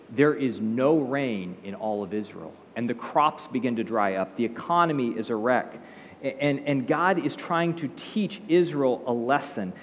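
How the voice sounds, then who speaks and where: Male pastor, mid pitch, casual storytelling sermon with asides; long hall reverb, faint room noise.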